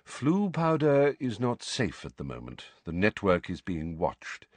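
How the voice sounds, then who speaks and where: A man voicing a calm, commanding elderly wizard headmaster who speaks in a measured, grave way. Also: fairly low pitch, dry recording, heavily acted.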